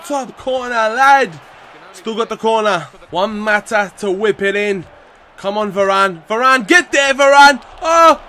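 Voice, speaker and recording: A young man commentating his own football video game match, animated and slangy, shouting at the play. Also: high voice. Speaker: gaming YouTuber.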